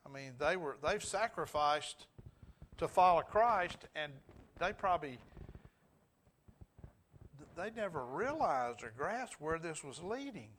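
A man's voice: fairly high pitch, very animated, takes it slowly, long pauses, fairly bright tone, slight background noise. A middle-aged man with a Southern US accent teaching a Bible class, asking the group questions and chuckling as he goes. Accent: Southern US, Alabama. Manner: asks the group questions, chuckles, restarts often.

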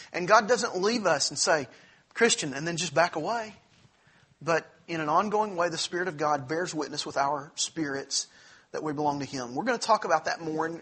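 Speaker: man. Role: Bible class teacher. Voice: forceful, husky, fairly high. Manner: earnest, conversational. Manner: earnest, conversational, with frequent restarts and asides.

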